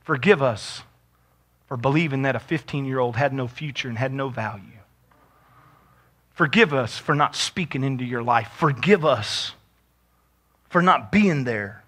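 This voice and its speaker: A man preaching a sermon as pastor, moving from quiet storytelling to shouted exhortation. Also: mid-range voice, unhurried, pauses often.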